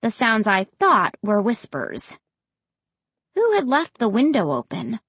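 A woman reading a first-person storybook aloud in an expressive, dramatic way. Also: a little high, slow pace, breathy edge, dry recording. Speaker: audiobook narrator.

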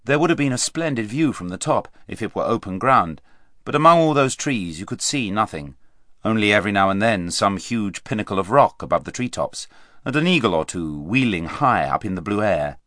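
Expressive male audiobook narrator. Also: fairly low pitch, brisk, no room sound, clean studio sound. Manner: expressive storytelling, varied pace.

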